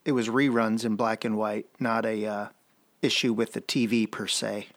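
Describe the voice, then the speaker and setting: A middle-aged man co-hosting a podcast, easygoing and a bit halting as he chats. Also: on the low side, level tone, a bit bright. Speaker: podcast co-host. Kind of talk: casual chat.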